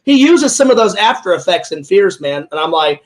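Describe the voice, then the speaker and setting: A man with a high, sing-song voice hosts a casual interview, talking briskly over poor-quality audio. He rambles through personal stories, acts out what other people said, and often repeats himself.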